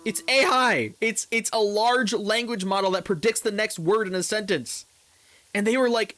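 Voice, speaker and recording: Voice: mid-range voice, moderate pace, a bit bright, faint music behind. Profane ranting gaming commentator. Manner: heated, profane ranting with repeated words. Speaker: gaming YouTuber.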